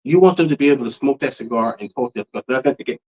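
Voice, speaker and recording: A man's voice: medium pitch, animated, rapid-fire, a little mellow, slightly rough. Rambling man with constant fillers. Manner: rambling, full of "you know" fillers. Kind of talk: casual podcast chat. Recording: dull lo-fi podcast audio.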